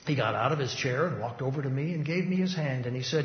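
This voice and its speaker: Male preacher, dramatic recitation, emphatic loud-to-hushed swings, dull lo-fi hall recording. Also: mid-range voice, quick pace, slight background noise. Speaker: preacher giving testimony. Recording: echoey hall, dull lo-fi sound.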